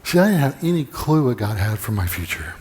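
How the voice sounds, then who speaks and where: A man preaching a sermon in an easygoing, storytelling way, with a voice of middling pitch. He often doubles his words as he restarts a thought. His voice rings with a long reverb through a church sanctuary. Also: sing-song, fairly quick, darkish tone. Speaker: pastor.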